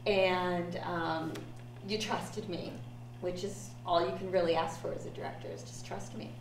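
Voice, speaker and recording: A woman, a director, talking casually in a measured, diplomatic way and thinking aloud as she goes. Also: lowish voice, fairly even intonation. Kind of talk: casual chat. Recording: echoey room, distant mic, faint hum.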